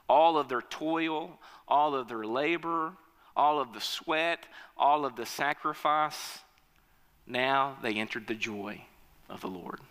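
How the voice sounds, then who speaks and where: High, forceful preacher in an echoing hall. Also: male voice. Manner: emphatic, storytelling, calls on the congregation. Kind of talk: sermon.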